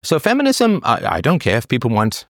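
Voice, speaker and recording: A man talks through an argumentative solo commentary, animated and sarcastic, with short laughing asides. His voice sits at an ordinary male pitch and sounds close and dry, with no room around it. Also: a little fast, no room sound. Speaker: host.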